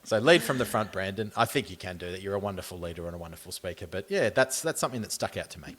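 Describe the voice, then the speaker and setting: A man's voice: low voice, expressive, fast, fairly bright tone, a little hiss or hum. A man with an Australian accent co-hosting a sports podcast, talking animatedly and acting things out for listeners. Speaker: podcast co-host. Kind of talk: casual sports podcast chat.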